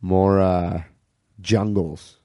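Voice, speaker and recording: A man chatting casually and laughing often, with a relaxed, easygoing way of talking. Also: sits low, extremely slow, dry recording. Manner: laid-back, laughs often, says "man" and "dude". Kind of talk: casual chat.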